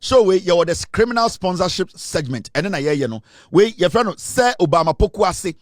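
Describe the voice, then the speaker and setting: A man's voice: sits high, lively intonation, brisk, dry recording, studio quality. A Ghanaian man hosting comic political commentary, mixing English with Twi and laughing often. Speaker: show host.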